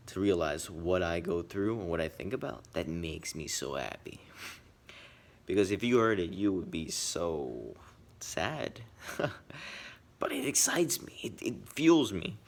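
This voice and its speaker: A man giving earnest personal commentary, swinging between quick bursts and quiet, reflective asides. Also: low-pitched, lively intonation, vocal fry. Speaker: video essayist.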